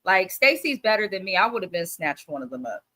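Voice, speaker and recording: A woman's voice: medium pitch, big pitch swings, fairly quick, pushed and bright. Blunt, profane woman from Oakland. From Oakland, California. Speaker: co-host. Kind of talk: casual recap chat.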